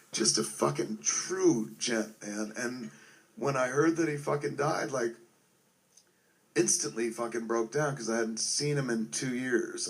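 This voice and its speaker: A man in his forties, a filmmaker, giving a casual spoken tribute to a friend, swearing constantly and rambling with lots of "like" and "man". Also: medium pitch. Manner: profane, rambling, heartfelt, heavy on fillers like "like" and "man".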